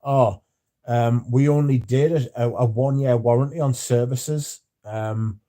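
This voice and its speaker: A man's voice: mid-range voice, measured pace, warm tone, lightly acted. A man mimicking a polite female watch-shop receptionist who is hesitant and apologetic.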